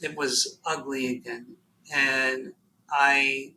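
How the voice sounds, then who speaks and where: A man telling a deeply personal story as a podcast guest, halting and emotional, near tears, with many fillers and restarts. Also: level tone, sharp tone, a little hiss or hum, rough recording.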